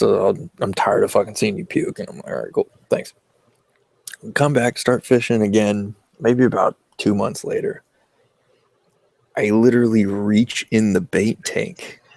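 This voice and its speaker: A young Southern Californian man rambles through a story in a low, gravelly voice, loose and laid-back, swearing constantly. The recording is dry and close, with no room sound. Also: darkish tone, no room sound. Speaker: vlogger telling a story. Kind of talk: casual storytelling chat.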